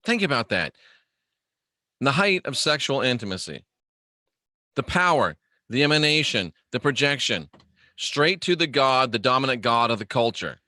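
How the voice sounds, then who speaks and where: A man's voice: medium pitch, very animated, moderate pace, pauses often, pushed and bright, no echo, clean studio sound. A man hosting a casual livestream monologue, rambling and joking as he answers viewer comments. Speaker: host.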